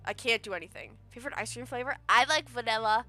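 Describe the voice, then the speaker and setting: A woman's voice: a little high, fast talker, pushed and bright. A woman streamer playing a story game, chatting casually and reading aloud with self-deprecating jokes. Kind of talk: casual let's-play commentary and reading aloud.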